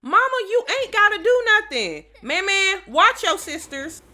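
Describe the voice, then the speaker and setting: A woman's voice: very high-pitched, very animated, a little slow, pushed and bright, pitched above the performer's own voice, heavily acted. A woman voicing a brash, carefree young mother for a cartoon. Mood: careless.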